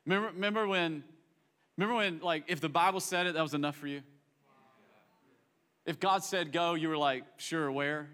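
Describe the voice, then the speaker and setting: A man preaching a sermon in a bright, forceful voice that sits a little high for a man. He is animated and acts out the people in his story, then drops to a soft, quiet tone when he turns reflective. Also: a little fast, long pauses. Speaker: pastor.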